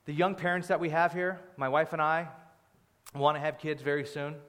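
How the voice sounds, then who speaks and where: A young male pastor delivers a sermon in a chatty, animated way, tossing in playful asides. His voice sits a little high. The sound has a long hall reverb, as in a church sanctuary. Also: normal speed.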